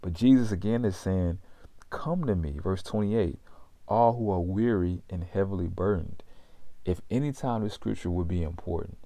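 A male pastor delivers a sermon in a very deep, mellow voice, recorded dry and close. He reads scripture aloud with its references and keeps turning to his listeners with rhetorical questions that climb in pitch. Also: normal speed, no room sound.

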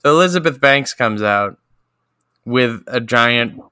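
A man co-hosting a podcast in casual chat, rambling through stories with quick laughing asides. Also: mid-range voice, lively intonation, bright, forceful tone, clean tone, no room sound, studio quality. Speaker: podcast co-host.

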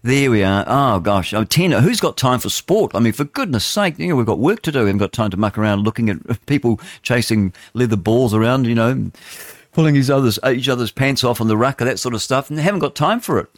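In his radio studio, an English morning talk show host works through the news with a chatty, rambling, jokey and opinionated delivery, tripping over words at times. He has a medium pitch and an animated, quick pace, and the recording is dry and clean.

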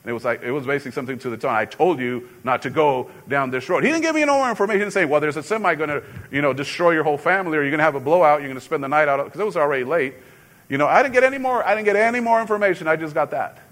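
A middle-aged man, a pastor, preaching a sermon in a conversational, storytelling way with sudden loud emphasis. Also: on the high side, lively intonation, very fast.

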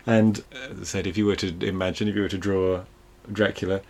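Rambling low-voiced man chatting films. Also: little pitch movement, brisk, creaky, darkish tone. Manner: rambling, restarts sentences, laughs easily. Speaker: podcast co-host. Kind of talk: casual film discussion.

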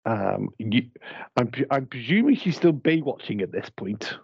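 A man's voice: mid-range voice, big pitch swings, normal speed, vocal fry, a little mellow, slightly rough, no echo, muffled recording. A British man hosting a casual podcast where he watches a movie live, talking in a rambling, playful way with lots of restarts. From United Kingdom. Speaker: podcast host.

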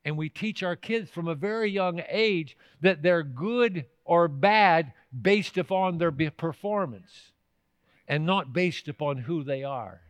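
A man's voice: fairly high pitch, slow pace, no echo. A man preaching a sermon as pastor, emphatic, often asking the congregation if they are still with him. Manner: emphatic, with rhetorical questions to the congregation.

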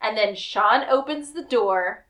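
A woman co-hosting a podcast, casually recapping a TV episode and acting out quick quotes. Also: on the high side, fairly bright tone. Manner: retells scenes with quick acted quotes and laughs. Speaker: podcast co-host.

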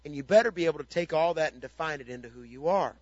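A man's voice: a little high, lively intonation, fast, no room sound, lo-fi sound. A man pastor giving a motivational ministry talk, emphatic and fond of repeated rhetorical questions.

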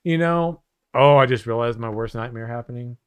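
A man's voice: mid-range voice, a little fast, smooth, no echo. A man talking in a casual chat as a podcast host, rambling and swearing with lots of "like". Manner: rambling, profane, full of "like".

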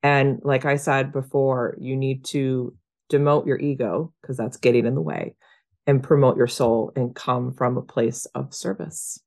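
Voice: mid-range voice, steady tone, measured pace, gravelly, darkish tone. A podcast host wrapping up an interview with a heartfelt, prayerful sign-off.

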